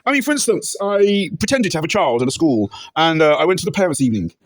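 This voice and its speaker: A man telling rambling, deadpan, absurd comic anecdotes and breaking into shouted catchphrases. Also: on the high side, quick pace, dry recording. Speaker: comedic interviewee. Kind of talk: deadpan absurd comedy monologue.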